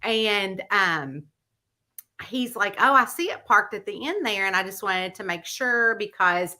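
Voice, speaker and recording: A woman's voice: medium pitch, measured pace. A woman, a mystery author chatting casually to her viewers and acting out the story she tells. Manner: animated storyteller who acts out the voices in her anecdotes. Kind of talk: casual chat vlog.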